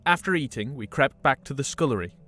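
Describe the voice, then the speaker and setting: A man's voice: mid-range voice, animated, a little fast, pushed and bright, faint music behind. A man hosting a podcast, chatting casually with self-mocking asides and reading a book aloud. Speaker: podcast host and reader.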